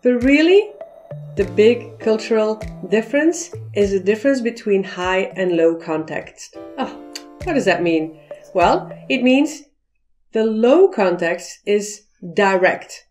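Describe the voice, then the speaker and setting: A woman's voice: mid-range voice, animated, a little mellow, soft background music. A woman explaining cultural communication in a video lesson, acting out example phrases as she goes. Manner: slow, deliberate explaining, acting out quoted voices. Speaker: cross-cultural communication teacher.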